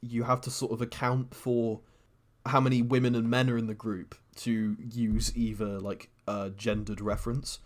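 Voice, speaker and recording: A man's voice: mid-range voice, level tone, normal speed. A man co-hosting a podcast, rambling casually with lots of fillers and swearing. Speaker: podcast co-host. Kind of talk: casual chat.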